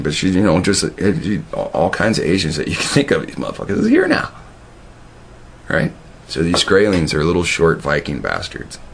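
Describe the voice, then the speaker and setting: A man's voice: very deep voice, creaky, fairly bright tone, slight background noise. A man telling profane, meandering stories in a casual monologue, often restarting his sentences. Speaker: video host. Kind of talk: casual rambling storytelling.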